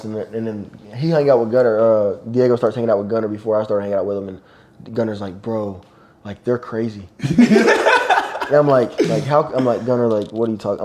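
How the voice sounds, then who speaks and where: Young man telling lively stories. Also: lowish voice. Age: young adult. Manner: animated storytelling, laughing often. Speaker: college football player, guest. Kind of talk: casual podcast chat.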